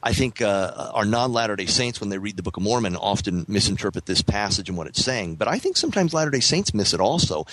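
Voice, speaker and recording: A low-pitched man speaks in a measured, thoughtful way in a relaxed podcast chat. He often pauses and restarts as he works through a point. The sound is dry and close, with no room in it. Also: dry recording, rough recording. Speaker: author guest on a podcast. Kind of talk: casual podcast conversation.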